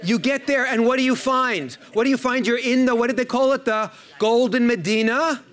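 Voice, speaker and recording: A man with a New York accent, giving an animated, joke-filled conference talk and often repeating words as he restarts. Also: very high-pitched, moderate pace. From United States. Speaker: panel speaker, historian. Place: conference room.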